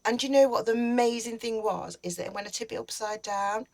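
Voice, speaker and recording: A woman who makes crochet videos, halting and teary as she talks through an unboxing, with many ums and restarts. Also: a little high, creaky, darkish tone, poor audio. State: teary and emotional. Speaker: crochet YouTuber. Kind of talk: casual unboxing vlog.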